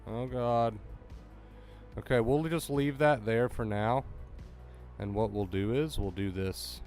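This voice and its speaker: Excitable male livestreamer, music behind. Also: medium pitch, slow. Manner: excitable, talks to chat, repeats himself when flustered. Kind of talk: casual live-stream chat.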